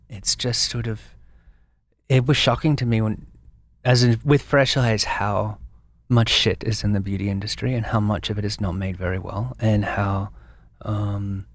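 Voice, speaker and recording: Low-voiced man telling lively stories. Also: no room sound. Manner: animated storyteller, frequent restarts. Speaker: guest, brand founder. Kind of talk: casual interview.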